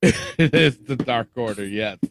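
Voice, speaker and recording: A man's voice: medium pitch, animated, unhurried, vocal fry. A man hosting a casual podcast, laughing helplessly and swearing a lot as he talks. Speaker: podcast host.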